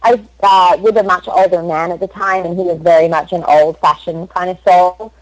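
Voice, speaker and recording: A young Australian woman, a voice actress, chatting in an interview and telling stories in an animated, laughing way. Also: fairly low pitch, brisk, no echo, rough recording. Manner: chatty, animated storyteller who laughs often. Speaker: voice actress guest. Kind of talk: casual interview chat.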